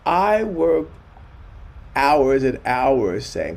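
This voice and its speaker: A man's voice: mid-range voice, lively intonation, measured pace, gravelly, warm tone, husky. An older man, a choral conductor, telling stories from his life in a reflective way, often restarting his sentences and acting out the people he quotes. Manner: reflective, frequent restarts, acts out quoted voices. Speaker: choral conductor speaking at a forum. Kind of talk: anecdotal storytelling talk.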